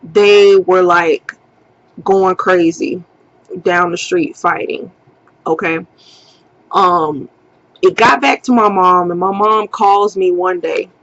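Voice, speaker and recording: Slow-talking storytelling woman, lo-fi. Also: lowish voice. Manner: animated, acts out quotes, swears freely. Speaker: vlogger. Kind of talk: casual storytime.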